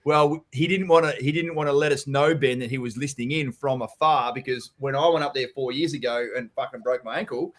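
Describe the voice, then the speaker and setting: A man's voice: medium pitch, steady tone, brisk, hardly any pauses. A man with an Australian accent hosting a casual live Q&A, laid-back and swearing freely as he reads out comments. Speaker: host, chief strategist.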